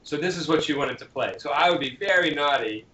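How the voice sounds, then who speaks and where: A man's voice: a little high, a little fast. A man, a parenting author, answering interview questions and acting out the voices of children and parents as he gives examples. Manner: animated storyteller who acts out children's lines. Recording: dull lo-fi sound in an echoey room.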